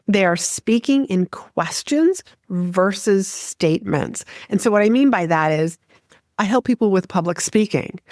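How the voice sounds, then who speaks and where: A woman's voice: on the low side, darkish tone, no room sound, studio quality. A woman, a speaking coach, giving direct conversational advice as the host of her own solo podcast.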